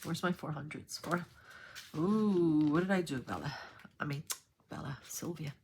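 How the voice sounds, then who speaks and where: Lower-voiced lady vlogging while she crafts, rambly and chatty, little clicky noises behind her. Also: moderate pace, a little hiss or hum. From New York. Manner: chatty, rambling, animated when retelling. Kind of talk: casual storytelling while crafting.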